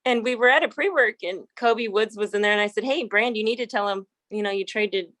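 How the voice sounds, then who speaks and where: A woman in her thirties, a horse trainer, chats her way through a family story, doubling back on her words and breaking into laughs. Her voice sits at an ordinary middle pitch and sounds close and dry, with no room around it. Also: fairly quick, a bit bright, no room sound. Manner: rambling, frequent restarts, laughs while telling stories. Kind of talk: casual storytelling interview.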